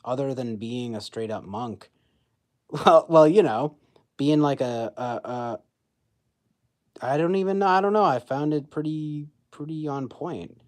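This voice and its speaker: A young man in his twenties talks loosely into his phone on a stream, piling up fillers and restarts. His voice sits at an everyday middle pitch. He drifts between thoughts and teases himself as he goes. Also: animated, a little slow, darkish tone. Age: 20s. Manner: rambling, filler-heavy, self-mocking. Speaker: livestreamer. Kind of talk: casual chat.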